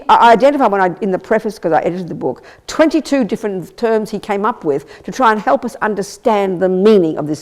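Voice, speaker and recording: A woman teaching Buddhism to a live audience, her voice sitting mid-range for a woman. She is emphatic and animated, tosses out rhetorical questions and wry, blunt asides, and often stumbles over words and restarts. The talk comes from a Buddhist centre. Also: medium pitch.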